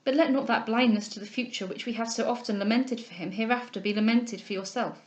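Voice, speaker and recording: A woman reading a novel aloud, voicing a composed young heiress who speaks in a measured, formal, kindly way. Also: fairly high pitch, lightly acted. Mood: firm. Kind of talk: audiobook character reading.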